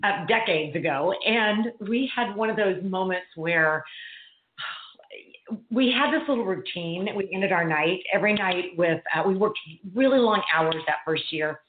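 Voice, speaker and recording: A woman's voice: mid-range voice, animated, normal speed, slight background noise. A middle-aged woman, a guest speaker, telling a story in casual chat, acting out the quotes with laughs. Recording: tinny phone line, echoey room.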